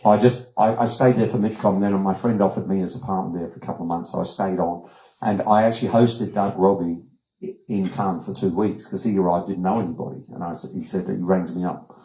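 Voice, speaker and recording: A man's voice: deep voice, brisk. An older man with an Australian accent telling anecdotes as a guest speaker, animatedly acting out voices, in an echoey room. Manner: animated storyteller, acts out voices. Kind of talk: anecdotal presentation. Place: wellness retreat room.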